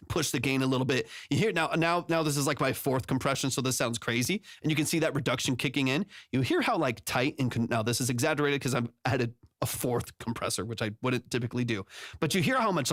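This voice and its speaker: A man's voice: mid-range voice, a bit bright, no room sound. A man who produces music, talking loosely through a livestream tutorial into his studio vocal mic, full of fillers and restarts. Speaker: music producer giving mix feedback. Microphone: studio vocal mic through plugins.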